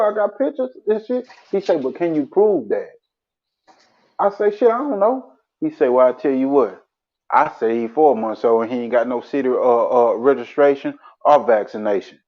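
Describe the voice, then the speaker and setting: A man's voice: on the high side, very animated, normal speed, creaky, lo-fi sound. A man telling a rambling, profane story about run-ins with police in casual chat, laughing as he goes.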